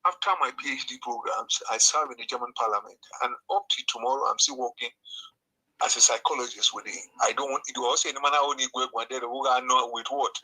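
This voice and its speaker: A man's voice: mid-range voice, fairly even intonation, quick pace, sharp tone, breathy edge. A Nigerian man calling in, rambling and mixing English with local words over a phone line. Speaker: caller.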